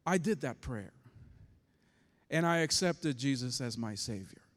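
A man's voice: mid-range voice, animated, measured pace, in a large hall. A man preaching as pastor, telling a story with passion and acting out the voices in it.

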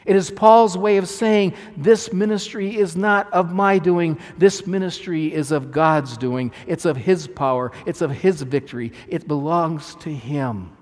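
A man's voice: fairly high pitch, unhurried, few pauses, in a large hall. A man preaching a sermon as pastor, earnest and emphatic, restarting phrases as he explains scripture.

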